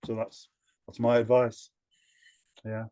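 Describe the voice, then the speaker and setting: A man who works as a storyteller, answering interview questions in an animated way with many repeated words and restarts. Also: medium pitch, takes it slowly, clean tone, muffled recording.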